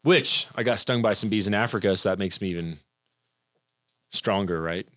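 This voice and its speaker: A man with a fairly low voice tells a long story as a podcast guest. He drifts, restarts and circles back. The sound is dry and close. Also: moderate pace, a bit bright, dry recording. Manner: rambling, self-interrupting storyteller. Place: room with other people and mics. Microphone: studio mic.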